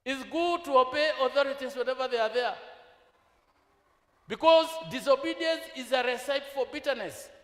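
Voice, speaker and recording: A man's voice: very high voice, normal speed, a bit bright. A Kenyan man preaching a sermon in a church, questioning the congregation and slipping into Swahili. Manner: asks the congregation rhetorical questions; switches into Swahili mid-sentence. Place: church hall. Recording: echoey reverberant church hall.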